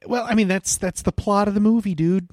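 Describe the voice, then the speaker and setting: A man's voice: high-pitched, a little fast, no echo, studio quality. A man co-hosting a casual movie commentary podcast, trading wry jokes and asides. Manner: wry, joking asides, animated. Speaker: podcast co-host.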